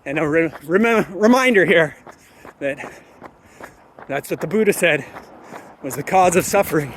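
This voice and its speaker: A man delivering an animated, emphatic solo rant, repeating phrases for effect. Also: fairly high pitch, unhurried, a little hiss or hum. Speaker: parenting commentator. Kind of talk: solo ranting monologue to camera.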